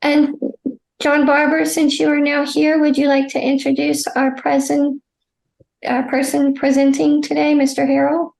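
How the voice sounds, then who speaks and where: High gravelly woman chairing a meeting. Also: completely flat delivery, unhurried, a little mellow, reverberant, poor audio.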